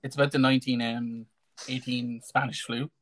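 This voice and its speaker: A man's voice: mid-range voice, little pitch movement, normal speed, fairly bright tone. An Irish man hosting a casual live stream chat, joking and bantering with lots of fillers and restarts. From Ireland.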